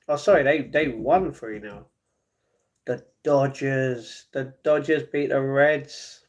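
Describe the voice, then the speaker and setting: A man's voice: medium pitch, a little mellow. A man from London with a London accent, chatting casually on a live stream, reading out chat messages and answering them with frequent chuckles. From London, England. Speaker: livestreamer. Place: at home.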